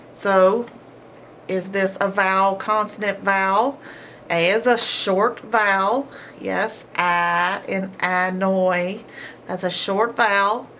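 A woman's voice: mid-range voice, a bit bright, slight background noise. A woman teaching a homeschool phonics lesson, patiently sounding out each letter and syllable.

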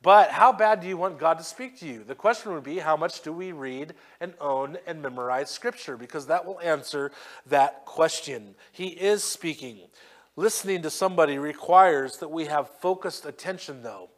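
Man, pastor, sermon, emphatic, fairly high voice. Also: normal speed. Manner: emphatic preaching, rising loud on scripture readings; acts out quoted voices in asides.

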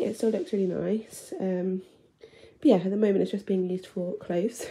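A young woman chatting casually at home in a vlog, with lots of ums and the odd soft whisper. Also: on the low side, gravelly, breathy edge. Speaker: vlogger. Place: home, indoors.

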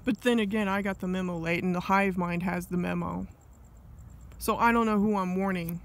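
A man's voice: high voice, steady tone, moderate pace, gravelly, a bit bright. A man talking alone in an angry, rambling monologue, full of asides and restarts. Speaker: vlogger.

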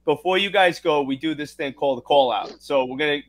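A man's voice: a little high, a little fast. A man with a Brooklyn accent hosting a trivia show, joking and laughing with his guests. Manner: joking, laughing, self-mocking. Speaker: host. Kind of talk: casual banter on a trivia show.

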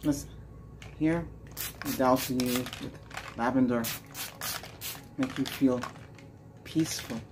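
A man hosting a Reiki healing session, chanting slow, soft repeated lines and then rambling in loose, chatty talk. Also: medium pitch, fairly even intonation, background noise. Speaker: Reiki healer and channel host.

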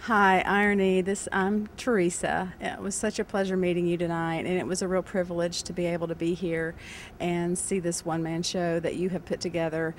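A woman giving a sincere, earnest audience testimonial in a measured way. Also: fairly low pitch, flat delivery, a little hiss or hum. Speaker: audience member.

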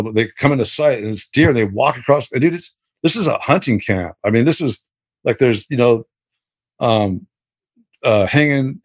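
Brief: mid-pitched man, rambling excited storyteller, dry close mic. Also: dry recording. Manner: rambling, animated, lots of fillers and restarts. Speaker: guest. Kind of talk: casual storytelling.

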